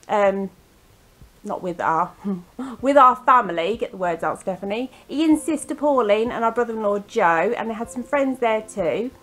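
A woman's voice: on the high side, low-quality recording. A woman in her forties chatting casually to camera as a vlogger, giggly and self-mocking. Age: 40s.

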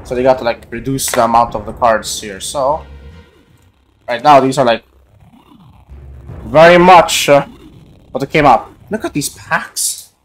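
A man's voice: medium pitch, measured pace, pauses often, faint music behind. A man rambling through card packs, naming each card aloud with lots of filler words. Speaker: YouTuber opening trading cards. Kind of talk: casual card-opening commentary.

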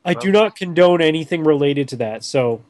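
A goofy young man with a fairly high voice, rambling and cracking silly jokes as he hosts a casual gaming chat. He talks into a computer mic. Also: lively intonation, brisk, darkish tone, dry recording. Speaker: channel host.

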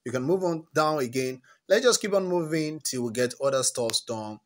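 Guy talking you thru an app on screen, repeats himself a lot, friendly pep talk vibe, mid pitch. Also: expressive, normal speed. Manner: chatty, repeats words, walks through steps; encouraging, gives life advice. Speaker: tutorial host. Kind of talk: app screen-recording tutorial.

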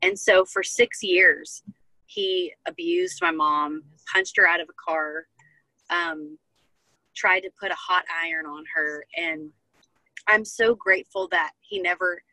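A young woman, appearing as a guest in casual chat, shares her personal testimony in an earnest, heartfelt way, with many fillers. Her fairly low voice is slow and sharp-toned, and the audio is poor, though without echo.

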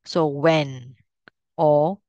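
A woman's voice: low voice, steady tone, drawn-out words, dark tone, no room sound, muffled recording. A middle-aged woman teaching a language class, patiently explaining step by step and checking if students can follow.

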